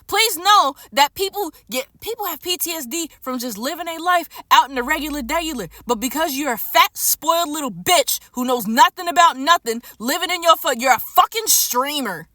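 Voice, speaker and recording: A woman's voice: sits high, animated, moderate pace, few pauses, sharp tone, no room sound, clean studio sound. A woman delivering an unscripted, furious rant to camera as a vlogger. She swears heavily and hammers home her points by repeating phrases. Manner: furious, profane and emphatic. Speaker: streamer and vlogger.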